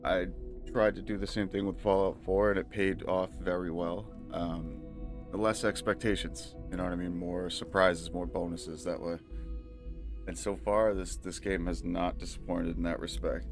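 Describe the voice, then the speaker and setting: A man with a nasal voice streaming a game, chatting casually with excitable, profane rambling. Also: sits low, normal speed, music in the background. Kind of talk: casual let's-play commentary.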